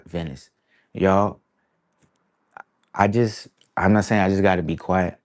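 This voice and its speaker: A man's voice: low-pitched, a little mellow. A man from the East Coast of the United States, an artist talking casually to his viewers in a rambling, reflective way full of slang. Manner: rambling, reflective, peppered with "bruh" and "y'all". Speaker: artist vlogger. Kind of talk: casual talk to camera.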